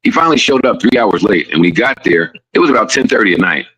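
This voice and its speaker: A male streamer reading a story aloud, lively, acting out the quoted voices. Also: lowish voice, fast talker, slightly rough, highs cut off.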